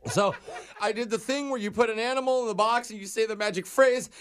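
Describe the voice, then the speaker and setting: A man's voice: high-pitched, fast, a bit bright, clear, resonant tone. A man making a prank phone call as a flustered, frantic dog sitter who keeps laughing through his lines. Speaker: radio prank caller posing as a dog sitter.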